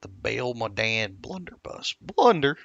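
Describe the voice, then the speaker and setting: A man's voice: mid-range voice, big pitch swings, measured pace, gravelly, fairly bright tone, dry recording, lo-fi sound. A man streaming a game, chatting casually and rambling through stories with many self-interruptions. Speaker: gameplay streamer. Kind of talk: casual gameplay commentary.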